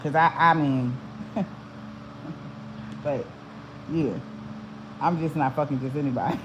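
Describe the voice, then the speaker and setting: A woman's voice: low-pitched, steady tone, slow pace, muffled recording. A woman talks straight to her viewers in a loose, casual way. She is blunt and profane and laughs often between her points. A faint noise hums underneath her voice. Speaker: spiritual channel host.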